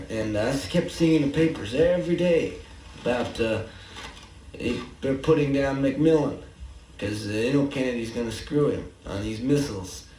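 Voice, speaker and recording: Young man, mid-pitched, halting drawl, casual rambling anecdote; distant, roomy 1963 home tape. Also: a little mellow. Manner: halting, drawling, full of "uh" and "you know". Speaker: songwriter giving commentary. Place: apartment living room.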